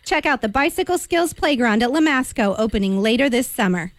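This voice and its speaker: A woman with a high voice reads a promotional script at a brisk, eager pace as she races the clock. The sound is dry and close, with no room around it. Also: animated, dry recording. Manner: brisk, bright, rushing against the clock. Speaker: parks department executive director, guest. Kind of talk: fast timed promotional read.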